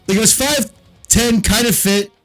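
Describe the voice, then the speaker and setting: A man's voice: sits high, moderate pace, fairly bright tone, soft background music, low-quality recording. A man in his thirties chatting casually with a friend, telling stories with frequent laughs and swearing.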